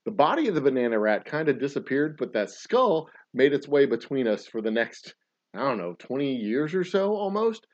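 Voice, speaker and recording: A playful man chats casually as he mixes a drink, rambling into far-fetched stories that he tells with a straight face. His voice sits at a middle pitch, and the recording sounds a little dull. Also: sing-song, normal speed. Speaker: podcast host and distiller. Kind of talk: casual chat while mixing a cocktail.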